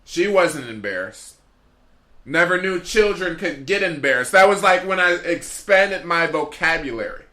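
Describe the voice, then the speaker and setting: Podcast host, male, bright edgy tone, wandering comedic monologue full of tangents. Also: on the high side, lively intonation, normal speed. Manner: rambling, goes off on tangents. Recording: roomy echo.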